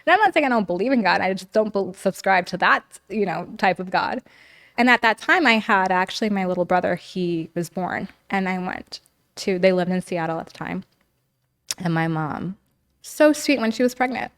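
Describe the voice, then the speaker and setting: A woman speaks as a podcast guest, recounting her past in a frank, conversational flow. Her pitch sits in an ordinary middle range. She peppers her talk with "like" and slips into the voices of people she quotes. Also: moderate pace. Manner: talkative, heavy use of "like", acts out quoted dialogue. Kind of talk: candid interview storytelling.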